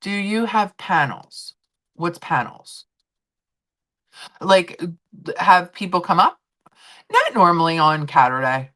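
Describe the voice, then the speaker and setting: A woman's voice: on the low side, sing-song, takes it slowly, long pauses, a bit bright. A woman hosting a casual chat livestream, rambling and swearing freely as she talks to her viewers. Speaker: livestream host.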